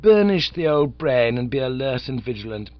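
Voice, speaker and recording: A man's voice: mid-range voice, sing-song, moderate pace, no room sound, pitched above the performer's own voice, close to an everyday voice. A man voicing a breezy, easily flustered young upper-class idler who sounds exasperated, in a dull, dry recording.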